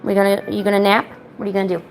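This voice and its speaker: A woman's voice: medium pitch, flat delivery, racing, a little hiss or hum. A woman chatting casually at home while painting, slipping into playful baby talk with her cats and teasing them. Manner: teasing, chatty, laid-back. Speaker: art streamer.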